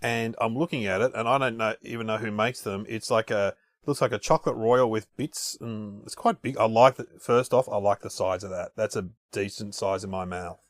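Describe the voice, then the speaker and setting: A man's voice: fairly low pitch, dry recording, clean studio sound. A middle-aged man co-hosting a podcast, chatting casually and animatedly as he tastes chips. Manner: animated, chatty, quick to laugh. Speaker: podcast co-host. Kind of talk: casual chat, food tasting.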